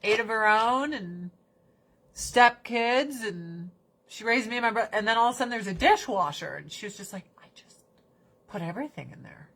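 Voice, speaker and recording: A woman hosting a casual livestream chat, animated and fond of swearing, slipping into mocking put-on voices. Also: on the high side. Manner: swears casually, talks fast then drags words out. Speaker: livestream host.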